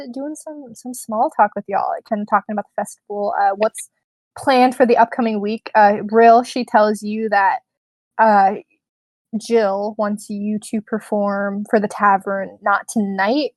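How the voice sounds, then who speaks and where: Woman game master, relaxed, rambling, fillers, dry close sound. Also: medium pitch, measured pace, dry recording. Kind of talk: narrating a tabletop game.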